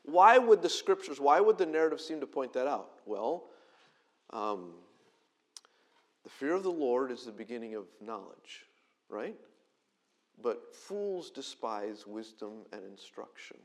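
A middle-aged man preaching a sermon in a church auditorium, conversational and animated, with self-deprecating asides. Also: mid-range voice, unhurried. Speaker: pastor.

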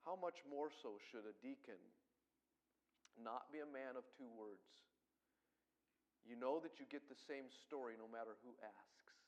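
A middle-aged pastor from Colorado preaches a sermon in a mid-range voice. He talks fast and swells into loud, emphatic bursts.

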